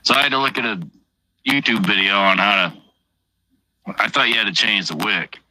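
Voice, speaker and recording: A man's voice: fairly low pitch, normal speed, bright, forceful tone, low-quality recording. A man chatting casually on a late-night livestream, rambling between stories with constant swearing and an offhand manner.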